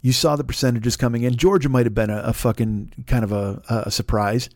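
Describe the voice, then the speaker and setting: A man hosting a podcast, ranting in a loud, profane, mocking way and acting out other people's voices. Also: medium pitch, fairly even intonation, a little fast, no room sound, studio quality. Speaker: podcast host. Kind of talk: profane political rant.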